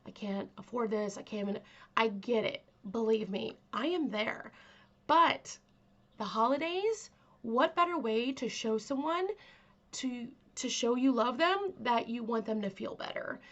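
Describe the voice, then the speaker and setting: A woman hosts her own channel with a gentle, chatty delivery full of fillers and asides. Her voice sits a little high and sounds stuffy from a cold. The recording is muffled and lo-fi. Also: unhurried. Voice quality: aims to sound calming and kind. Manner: chatty, soft, filler-heavy. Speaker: vlog host. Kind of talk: casual chat to camera.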